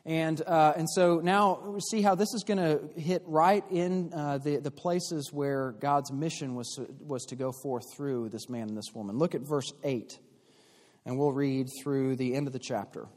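A man teaching a church class in an explanatory way, pausing and restarting often. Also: a little high, steady tone, darkish tone. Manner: explanatory, with frequent fillers and restarts. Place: church hall. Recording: long hall reverb.

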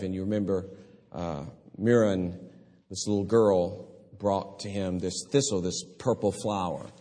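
Preacher guy, lowish voice, earnest storytelling sermon, restarts a lot, echoey hall. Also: a little mellow.

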